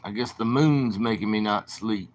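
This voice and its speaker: Late at night on his livestream, a man with a southern drawl rambles casually to his viewers. His voice is on the low side and moves at a normal speed.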